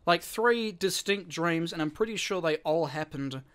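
A man with an Australian accent chats on a podcast, spinning out a long story in loose, repetitive bursts. His voice sits a bit high and sounds bright and forceful, and he swears as easily as he breathes. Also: expressive, normal speed, clean tone. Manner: rambling, repeats words, swears casually. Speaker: podcast co-host. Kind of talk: casual chat, telling a story.

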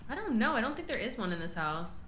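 Excitable young woman, bright echoey voice. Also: a little high, fast talker. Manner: excitable, gasping, playful. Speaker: gaming streamer. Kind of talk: casual gameplay chat with friends. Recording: echoey room with faint noise.

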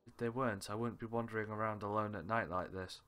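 A man's voice: lowish voice, steady tone, fast, a bit bright, faint music behind. A man reading aloud every character's lines of a visual novel, switching between characters with small laughs and asides. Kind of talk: reading game dialogue aloud with light character voices.

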